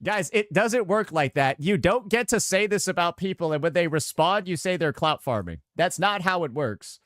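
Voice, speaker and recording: A man's voice: sits high, expressive, moderate pace, a bit bright, no echo, clean studio sound. A man in a commentary clip arguing back against accusations, lecturing and repeating his points. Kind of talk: commentary video.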